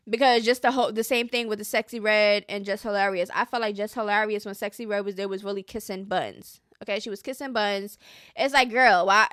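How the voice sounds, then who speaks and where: A woman's voice: fairly high pitch, fairly bright tone, clean tone, dry recording, studio quality. A woman hosting casual gossip commentary, chatty and slangy, often trailing off with hesitant asides.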